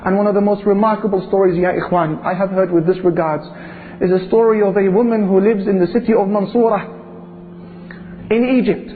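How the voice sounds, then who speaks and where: A man's voice: sits high, steady tone, brisk. A man preaching, telling a story dramatically and acting out voices. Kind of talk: religious talk. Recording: tinny phone-like audio.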